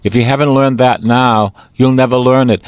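A man's voice: medium pitch, fairly even intonation, moderate pace, clean tone, no room sound. A middle-aged man preaches in the rolling, repetitive cadence of a priest's sermon, pressing each point home with emphasis. The recording is dry and close, with no room sound.

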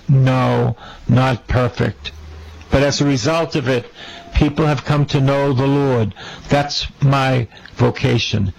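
A man's voice: medium pitch, gravelly, darkish tone, poor audio. A man preaching a sermon as a priest, fervent and repeating his phrases for emphasis.

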